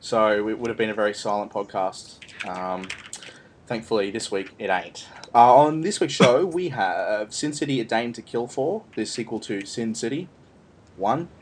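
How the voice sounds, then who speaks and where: A man's voice: fairly low pitch, moderate pace, a little hiss or hum. Rambling male podcast host. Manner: rambling, many fillers and restarts. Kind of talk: casual film review chat.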